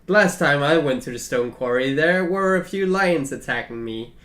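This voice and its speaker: A man playing an earnest camp leader and one-time scout in a tabletop role-play game, rambling through his offer with many fillers, a bit high for a man. The room around him is echoey. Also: lively intonation, normal speed, fairly bright tone. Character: male encampment leader, former scout.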